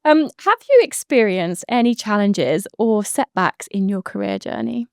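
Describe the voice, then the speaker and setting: A woman co-hosting a podcast interview, reacting warmly and asking questions. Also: mid-range voice, very animated, moderate pace, gravelly, smooth, no echo, studio quality. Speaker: podcast co-host. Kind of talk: casual interview chat.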